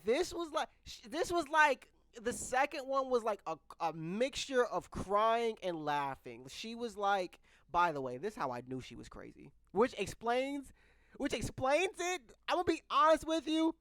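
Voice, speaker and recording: A man's voice: very high voice, big pitch swings, normal speed, a bit bright, no room sound. Candid young man telling a rambling story. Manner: candid, rambling, with frequent restarts. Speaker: vlogger. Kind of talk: casual storytelling. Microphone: microphone close by.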